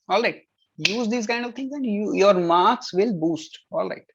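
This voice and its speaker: A tutor gives exam tips in a middle-pitched voice, switching between explanations and French example phrases. They keep saying "all right" between points. The recording sounds dull and lo-fi. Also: expressive, a little slow, gravelly, a bit bright, breathy edge.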